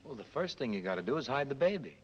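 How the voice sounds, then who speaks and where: An actor playing an easygoing young cab driver and crooner, breezy and joking, in a 1930s film. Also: male voice, mid-range voice, sing-song, fast talker. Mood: helpful. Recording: dull old film soundtrack with hiss.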